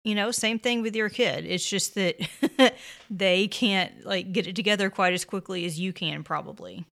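A woman in her thirties runs a parenting podcast, sharing casual, reassuring guidance in a chatty style with many "you know"s and "like"s. Her mid-range voice has vocal fry and a fairly bright tone, and she talks at a normal speed.

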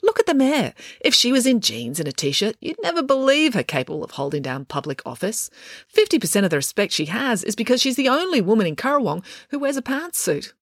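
A prim know-it-all teenage girl who talks down in a matter-of-fact way, as a woman reading a storybook puts her on. The voice moves lively in pitch. The sound is dry and close. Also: fairly quick, no room sound.

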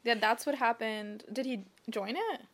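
A woman's voice: fairly high pitch, unhurried, fairly bright tone. A woman in her late twenties chatting casually, laughing often and acting out the people she quotes. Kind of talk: casual chat.

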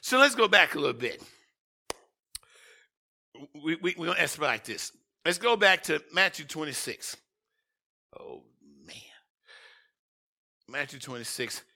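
Preacher guy, high and bright, gravelly edge, slow delivery, shouts then quiet asides. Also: sing-song. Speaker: pastor. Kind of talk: sermon.

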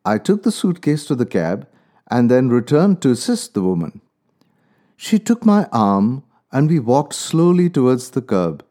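A man telling a first-person story in a calm, measured, reflective way. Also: mid-range voice. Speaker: narrator. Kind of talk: storytelling narration.

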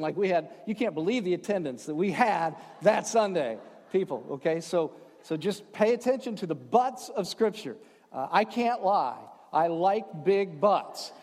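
A male pastor preaching a sermon, conversational and joking, swinging between loud emphasis and hushed, slowed phrases. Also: high voice. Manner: conversational, with asides and playful jokes. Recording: long hall reverb.

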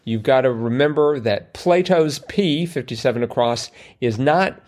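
A man's voice: medium pitch, expressive, a little slow, darkish tone. A man, co-hosting a casual chat about a crossword, rambling and joking at his own expense. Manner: joking, rambling, self-mocking. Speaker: podcast co-host.

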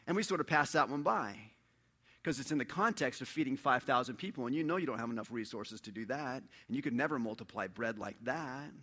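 A man preaching a sermon in an animated storytelling way, dropping to a hush and then rising loud. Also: a little high, fast talker. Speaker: pastor.

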